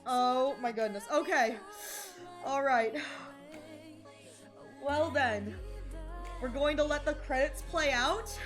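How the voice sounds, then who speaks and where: Woman streamer, high bright voice, unhurried, emotional and gushing, faint game music behind. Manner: gushing, emotional, repeats herself. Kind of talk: casual live-stream chat.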